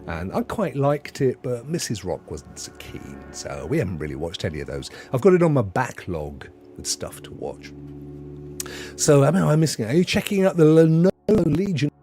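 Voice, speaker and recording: A man's voice: medium pitch, very animated, moderate pace, dark tone, faint music behind. A middle-aged man hosting a casual livestream, rambling through jokey chat and talking straight to his viewers. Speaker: livestream host.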